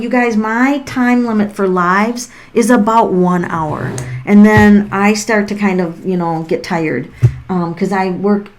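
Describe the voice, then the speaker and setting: Streaming live from home on a farm, a middle-aged tarot reader chats casually through a laptop's built-in microphone while giving readings. Her mid-range voice is a little mellow, and she rambles chattily with frequent laughter.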